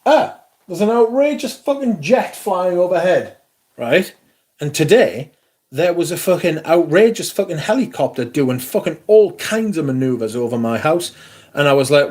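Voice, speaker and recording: A man's voice: a little high, big pitch swings, moderate pace, a little mellow. A man hosting a livestream, chatting casually in a sweary, rambling way. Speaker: fragrance livestream host.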